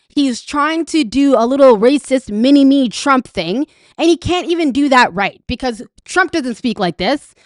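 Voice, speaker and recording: Canadian woman ranting about politics, swears a lot, sarcastic, higher voice, dry close sound. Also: dry recording. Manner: angry, profane, sarcastic. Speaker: political commentator. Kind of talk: ranting reaction commentary.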